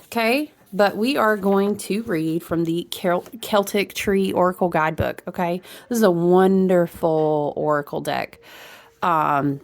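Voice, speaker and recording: A woman's voice: lowish voice, unhurried, creaky. A woman giving a casual spiritual oracle card reading, chatty and full of fillers, addressing her viewers directly.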